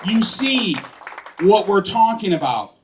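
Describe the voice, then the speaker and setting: A man with a somewhat high-pitched voice delivers a campaign speech to a live crowd. He speaks as a political candidate, stirred up and insistent, and keeps pressing his listeners with rhetorical questions. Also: big pitch swings, takes it slowly, slight background noise. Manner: impassioned, fires rhetorical questions at the audience.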